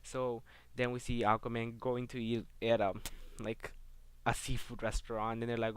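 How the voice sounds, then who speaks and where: A man's voice: mid-range voice, completely flat delivery, moderate pace, noisy background. A man giving a casual comic book review on his channel, rambling and filling gaps with "um" and "like". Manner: rambling, heavy on fillers like "um" and "like".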